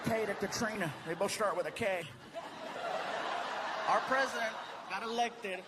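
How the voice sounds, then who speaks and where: A playful male stand-up comedian with a notably high voice chuckles through his set. He is recorded live, with crowd noise and laughter around him. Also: unhurried. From United States. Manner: lively, playful, laughing at his own jokes. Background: audience laughter and noise.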